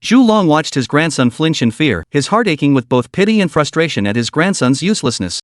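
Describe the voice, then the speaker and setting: Man, narrator, scripted story recap, dramatic, animated pitch, dry close mic. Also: a little fast, no room sound.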